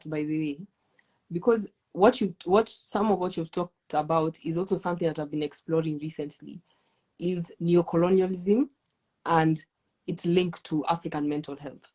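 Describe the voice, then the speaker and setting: Woman, interview host, lowish pitch, warm dark tone, conversational. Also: steady tone, moderate pace.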